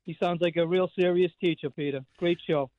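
A regular call-in guest to a radio show, this Boston-area man in his fifties rambles through his stories with plenty of fillers and restarts in casual chat. His fairly high voice has fairly even intonation and runs a little fast, and the phone-quality sound carries no echo.

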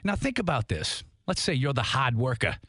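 A man's voice: mid-range voice, very animated, normal speed, sharp tone, breathy edge, no room sound. A middle-aged man hosting a radio show, speaking energetically and motivationally, talking straight to his listeners. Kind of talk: upbeat radio show talk. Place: radio studio.

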